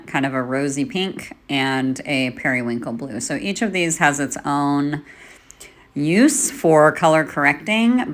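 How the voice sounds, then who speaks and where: A woman in her forties, a makeup artist, giving a relaxed step-by-step tutorial while she works, with the odd "um". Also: sits low. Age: 40s. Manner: relaxed, talks while working, with "um" fillers. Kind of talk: casual tutorial demonstration.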